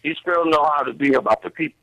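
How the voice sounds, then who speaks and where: A man's voice: a little high, fast talker, pushed and bright, no room sound, rough recording. A man, a guest on a talk show, arguing local politics earnestly and emphatically in informal speech.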